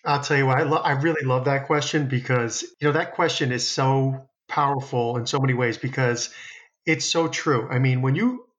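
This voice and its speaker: A man's voice: medium pitch, steady tone, moderate pace, fairly bright tone. A man, a restaurant founder, talking in a casual podcast interview, rambling with many fillers and restarts. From New Jersey.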